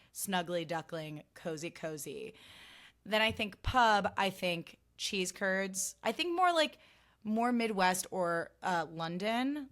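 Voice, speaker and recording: A woman's voice: lowish voice, fairly bright tone. A woman in her thirties hosting a solo podcast, rambling casually with lots of "like" and free swearing. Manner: gushy, rambling, heavy on "like", swears freely. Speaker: podcast host.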